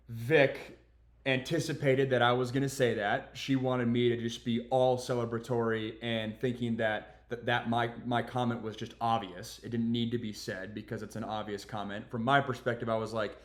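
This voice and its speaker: A man's voice: medium pitch, level tone, normal speed. Man co-host, reflective and explanatory, casual talk, echoey room. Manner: reflective, explains his reasoning, repeats words. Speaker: podcast co-host, host's husband. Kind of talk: casual conversational storytelling.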